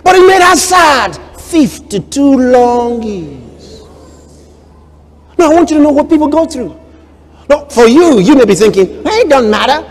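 A man preaching a sermon as pastor, swinging between hushed storytelling and loud proclamations and acting out quoted voices. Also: very high voice, very animated, unhurried, pauses often, big-room sound.

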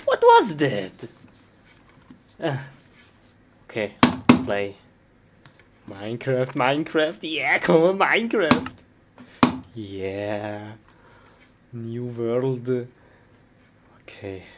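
A woman's voice: extremely low pitch, extremely slow, long pauses, heavy background noise. A woman performing a comic skit, talking to herself and breaking into frustrated yelps. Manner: excitable, bursts into frustrated yelps. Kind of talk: comic skit narration to self.

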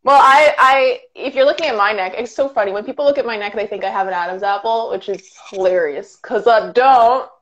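A woman's voice: a little high, fairly quick, few pauses, fairly bright tone, highs cut off. A woman in her late twenties, a guest trading playful jokes in casual chat over a video call. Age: late 20s. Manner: playful, jokey.

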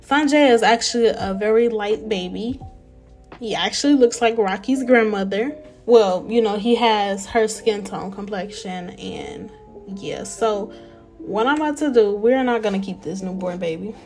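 A young woman giving casual, animated let's-play commentary and talking straight to her viewers. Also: mid-range voice, unhurried, soft background music. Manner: chatty, animated, talks to viewers as y'all. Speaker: gameplay narrator.

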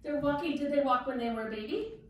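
A woman kindergarten teacher giving a vocabulary lesson, asking slow, patient questions and prompting children to repeat words. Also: high-pitched. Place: classroom. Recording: very echoey classroom from a distance, faint noise.

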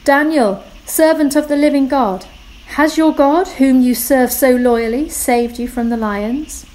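Woman voicing a proclaiming ancient king, earnest and fairly high. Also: a little slow, dark tone, low-quality recording. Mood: anxious. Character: anxious ancient male king, regal.

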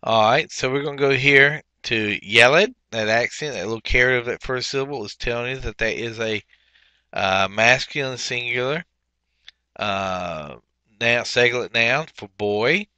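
A man's voice: medium pitch, a little slow, sharp tone, clean tone, dry recording. A man teaching a language workbook lesson, explaining step by step with frequent fillers. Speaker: Hebrew teacher.

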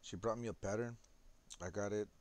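A man's voice: lowish voice, steady tone, fairly quick, darkish tone. A young man who works as a tattoo artist, talking in a rambling, laid-back way with slang. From El Paso, Texas. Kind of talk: casual narration over photos.

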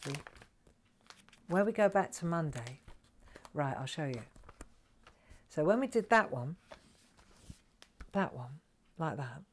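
A middle-aged woman hosting a live craft lesson, chatting gently and coaxing viewers to relax as she demonstrates. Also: lowish voice.

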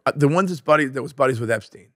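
A man's voice: mid-range voice, very fast, fairly bright tone, dry recording, clean studio sound. An American man co-hosting a podcast, chatting casually. He rambles, loses words and pokes fun at himself. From United States. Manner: rambling, self-deprecating, searches for words. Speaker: podcast co-host. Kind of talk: casual chat.

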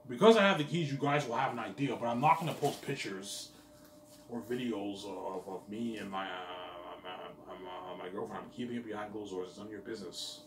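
Male vlogger, deep-ish voice, rambling profane monologue; roomy echo, faint ambient noise. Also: fairly even intonation, fairly quick, recorded from a distance. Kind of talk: casual rambling monologue to viewers.

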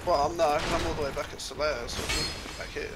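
Higher-voiced man in easygoing game chat. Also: steady tone, fairly quick, heavy background noise. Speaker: co-op player. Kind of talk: casual co-op gaming chat.

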